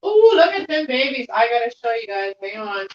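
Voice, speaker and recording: A woman's voice: a little high, very animated, normal speed, highs cut off, slight background noise. Chatty woman baking at home. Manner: rambling, chatty, easily distracted. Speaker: livestream host. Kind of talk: casual home livestream chat. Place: home kitchen.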